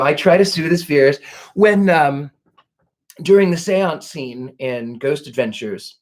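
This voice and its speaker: A man hosting a casual livestream Q&A as a psychic, talking in a gentle, effusive way. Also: medium pitch. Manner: gentle and effusive, fond of 'lovely' and 'dear'. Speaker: psychic host. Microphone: home livestream setup.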